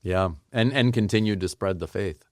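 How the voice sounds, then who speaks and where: A man's voice: on the low side, moderate pace, darkish tone, no room sound, clean studio sound. A man hosting a podcast interview, asking curious questions and thinking aloud. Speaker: podcast host. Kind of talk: casual interview chat.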